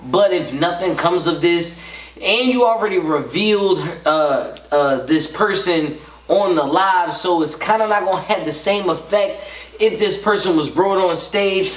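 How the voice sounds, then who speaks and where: A man co-hosting a casual commentary chat, joking and animated, leaning on filler phrases. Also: sits high, unhurried, recorded from a distance. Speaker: co-host. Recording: roomy sound, away from mic.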